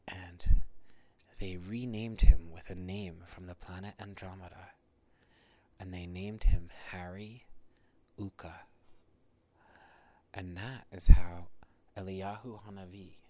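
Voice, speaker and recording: A man telling a bedtime story to his children in a low, unhurried voice. He talks softly and often drops to a half-whisper, pausing between phrases. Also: slight background noise.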